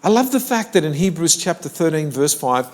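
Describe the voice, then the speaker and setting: An older male pastor delivers a sermon in a relaxed, conversational way. His voice sits on the higher side for a man. He climbs higher still when he drives a point home. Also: a little fast. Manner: conversational preaching, rises in pitch for emphasis. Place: church.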